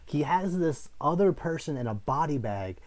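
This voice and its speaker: A man's voice: on the high side, animated, moderate pace, darkish tone. A man hosting a casual film discussion, rambling and critical, with many fillers and restarts. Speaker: host.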